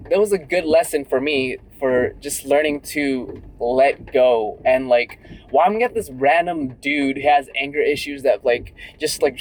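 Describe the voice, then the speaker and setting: A man's voice: medium pitch, slight background noise, low-quality recording. A young man talking candidly in a casual vlog while driving, full of "like" and "right?". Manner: chatty and candid, many fillers like "like" and "right?". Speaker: vlogger.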